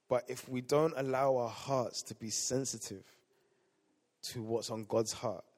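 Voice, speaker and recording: A male pastor preaching a sermon, swinging between loud emphatic lines and quiet asides. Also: medium pitch. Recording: long hall reverb.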